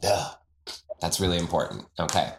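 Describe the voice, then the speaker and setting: Show host, enthusiastic, affirming, lively pitch, echoey room. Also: normal speed. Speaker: podcast host. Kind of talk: casual interview chat. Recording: roomy echo.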